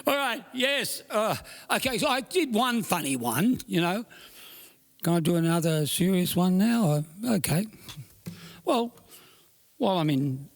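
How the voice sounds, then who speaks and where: A man's voice: high-pitched, big pitch swings, measured pace, creaky. An older man with an Australian accent, a singer-songwriter chatting and joking with his audience between songs, in a chatty, self-mocking way. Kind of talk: live stage banter between songs. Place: live music venue. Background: acoustic guitar.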